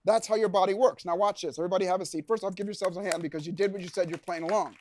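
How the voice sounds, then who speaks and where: A man giving a motivational seminar talk to a live audience, telling stories with acted-out shouts and gasps and coaxing the crowd to join in. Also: high-pitched, racing, a little hiss or hum. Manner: animated storyteller, acts out shouts and gasps, coaxes audience. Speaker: keynote speaker. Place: event lounge before a live audience.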